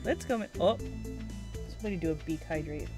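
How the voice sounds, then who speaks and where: A woman's voice: low voice, fairly quick, music in the background. A woman streamer chatting casually and giggling while she plays a game. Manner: chatty and giggly, talks to herself while playing. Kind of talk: casual gameplay commentary.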